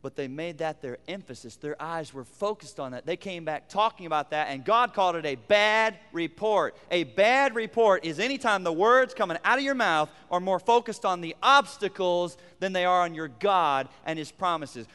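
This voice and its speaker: A man preaching from the pulpit, his voice sitting high and coming across smooth and resonant. He builds to emphatic repeated phrases, then falls to hushed asides, with a long church reverb trailing every line. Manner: preaching with rising emphatic repetition and sudden quiet drops. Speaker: pastor. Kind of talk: sermon.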